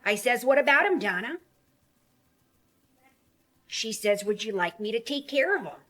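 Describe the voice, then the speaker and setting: A woman's voice: on the high side, expressive, a little slow, pushed and bright, exaggerated voice. A woman doing a rambling gossipy older lady. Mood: chatty. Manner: rambling, chatty storyteller. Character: older gossipy small-town woman named Deb. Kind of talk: comedy monologue.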